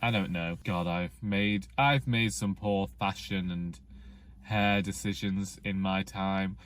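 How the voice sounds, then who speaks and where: Chatty low-voiced young Englishman. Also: fairly even intonation, slow, fairly bright tone. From England. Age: 20s. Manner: chatty, self-deprecating, wry. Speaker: vlogger. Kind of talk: casual rambling vlog. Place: outdoors in wet weather, under a hood.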